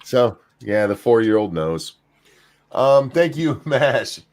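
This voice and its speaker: An older man hosting a casual podcast chat, relaxed and rambling with fillers. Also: mid-range voice, slow pace. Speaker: host.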